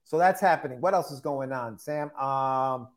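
A man's voice: mid-range voice, moderate pace. A man co-hosting a podcast, talking in a laid-back, joking way. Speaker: podcast co-host. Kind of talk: casual chat.

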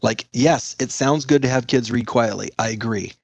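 An energetic middle-aged man chats as a podcast guest, tossing in jokey asides as he goes. His voice sits at a medium pitch, and the recording is close and very dry. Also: normal speed, dry recording. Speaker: guest educator. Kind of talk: podcast interview.

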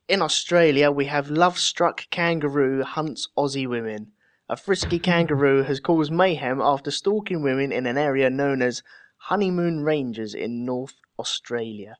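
A man's voice: mid-range voice, no room sound. A man hosting a casual podcast, chatty and giggly as he reads out news stories. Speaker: podcast host.

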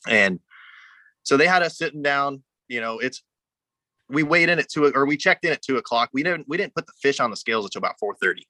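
Bright, dry-voiced casual man. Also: medium pitch, expressive, brisk, dry recording. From Arizona. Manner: laid-back, says "you know" a lot. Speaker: guest angler. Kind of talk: casual storytelling.

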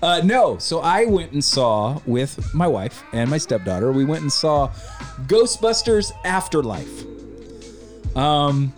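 A man co-hosting a podcast in casual chat, joking, laughing easily and reviewing movies. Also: medium pitch. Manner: jokey, laughs easily, drifts into movie quotes. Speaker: podcast co-host.

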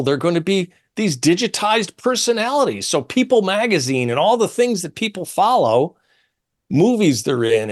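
Animated, emphatic male talk radio host. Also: high-pitched. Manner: animated, emphatic, quotes others in changed tones.

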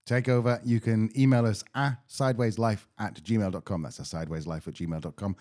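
A man's voice: fairly low pitch, steady tone, fairly quick, warm tone. A man co-hosting a podcast, chatting casually with dry, self-mocking banter. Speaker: podcast co-host. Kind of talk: casual chat.

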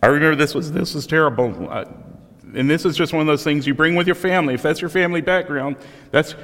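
A man's voice: a little high, quick pace, a bit bright, in a large hall. A male pastor preaching a sermon, in a conversational, self-deprecating storytelling manner.

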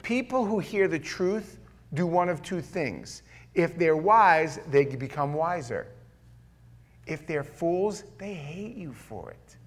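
A middle-aged man preaching a conversational sermon, emphatic at times and dropping to quiet asides. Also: a little high. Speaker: pastor.

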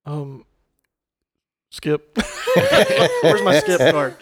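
A man's voice: on the high side, huge pitch swings, drawn-out words, a loud crowd. A man in a casual discussion, hesitant and struggling for words, laughing often.

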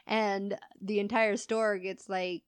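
This woman co-hosts a podcast and spins stories casually, laughing a lot and cursing while she plays out each character. Her medium-pitched voice barely varies in pitch and comes at a slow pace, with a clean tone and clean studio sound free of room noise.

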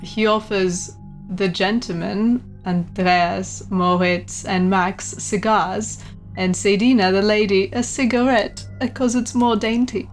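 A woman game master narrating a tabletop horror game in a descriptive, unhurried way. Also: medium pitch, steady tone, faint music behind. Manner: descriptive, unhurried, laughs between lines.

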